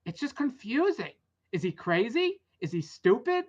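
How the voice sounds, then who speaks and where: A woman's voice: on the high side, sing-song, moderate pace. A young adult woman hosting a casual rambling commentary, blunt and exasperated, swearing freely. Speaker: vlog host. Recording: dull lo-fi audio.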